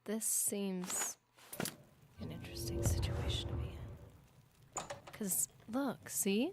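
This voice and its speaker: A young woman streams a game and chats freely to her viewers. She rambles and keeps throwing in "like" as she goes, and her voice sits at a middling pitch. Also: takes it slowly, pauses often, noisy background. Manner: rambling, animated, heavy use of "like". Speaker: gaming streamer. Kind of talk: casual live-stream commentary.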